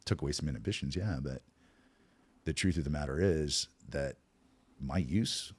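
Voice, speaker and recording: A man with an extremely low, husky voice speaks as a podcast guest. He tells his story candidly and with self-deprecating humor, and he is animated as he speaks. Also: normal speed. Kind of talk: personal recovery storytelling.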